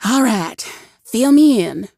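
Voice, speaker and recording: A woman voicing an exasperated, bossy woman who scolds a rowdy crew in a sharp, high, loud voice. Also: animated, slow, gravelly, no room sound, studio quality, heavily acted. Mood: commanding.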